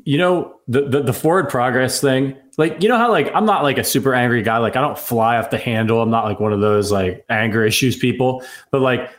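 Rambling, animated man in sports chat. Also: mid-range voice. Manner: rambling, animated, many fillers.

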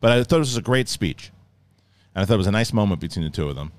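Middle-aged man, low-pitched, loose rambling review commentary with plenty of restarts. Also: expressive, rapid-fire, no room sound. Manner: rambling, acts out scenes in mock voices. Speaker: show reviewer.

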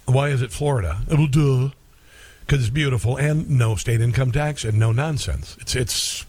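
A man's voice: mid-range voice, lively intonation, a little slow, darkish tone. A middle-aged man hosting talk radio in a rambling, folksy monologue full of fillers.

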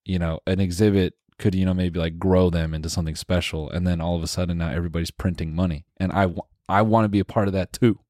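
Deep-voiced laid-back man chatting. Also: steady tone, fast, few pauses, darkish tone, no echo, clean studio sound. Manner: laid-back, uses filler words, says bro and dude. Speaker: podcast co-host. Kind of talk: casual podcast chat.

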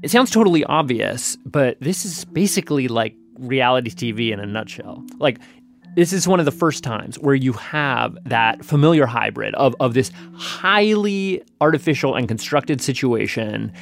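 A man's voice: medium pitch, expressive, normal speed, creaky, soft background music. A man hosting and narrating a documentary podcast in a casual, conversational way. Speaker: podcast host.

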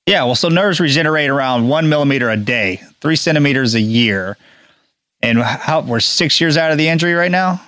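A man's voice: a little high, animated, fairly quick, a bit bright, no echo, clean studio sound. A man co-hosting a casual podcast, enthusiastic and explaining science at length. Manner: enthusiastic, talks in long science-laden runs. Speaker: podcast co-host.

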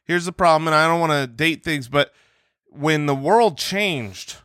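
Bright-voiced man riffing on a podcast. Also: a little high, measured pace, clear, resonant tone, dry recording, studio quality. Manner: animated, stammering restarts. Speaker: podcast co-host. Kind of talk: casual comedic chat. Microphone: remote call mic.

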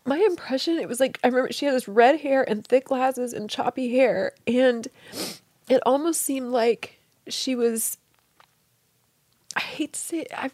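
A middle-aged woman telling a personal story in a soft, halting way, often dropping to a whisper. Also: on the high side, no room sound. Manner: soft, halting, with many restarts and whispered moments. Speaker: guest.

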